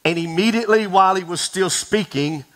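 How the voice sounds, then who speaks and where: In a bright, high voice and at a slightly fast pace, a pastor delivers a sermon straight to his congregation. His storytelling is dramatic, sinking to a hush and climbing to shouts, and the recording is rough.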